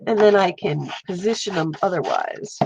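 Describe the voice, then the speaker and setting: A woman's voice: fairly low pitch, lively intonation, moderate pace, gravelly, a little mellow, slight background noise. A woman hosting a casual watercolour livestream, stuffy-nosed, chatting with viewers while she paints. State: stuffy nose. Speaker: livestream host. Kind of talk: casual live art stream.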